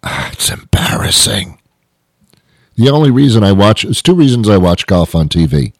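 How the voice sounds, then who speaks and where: A man's voice: lowish voice, very animated, brisk, a little mellow, no echo, studio quality. A man hosting a comedy show, delivering a rambling comic monologue with frequent restarts and mock outrage.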